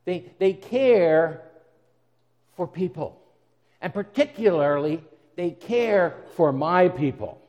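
A man with a high, light voice delivers a sermon. He speaks earnestly and often stumbles into repeated words. Between his own points he voices the words of God and Jesus. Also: expressive, takes it slowly, darkish tone, big-room sound, muffled recording. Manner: earnest preaching with frequent word repeats, voicing God's and Jesus' words. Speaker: pastor.

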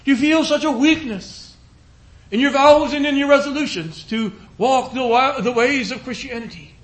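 High-voiced man preaching earnestly. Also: normal speed. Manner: earnest, pleading, repetitive cadence. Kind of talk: sermon.

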